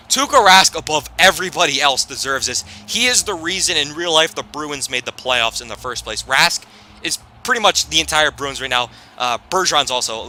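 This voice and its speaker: A young man giving casual commentary on a hockey video game, excitable and self-deprecating, rambling and restarting his sentences. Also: mid-range voice, slight background noise. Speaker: gaming YouTuber.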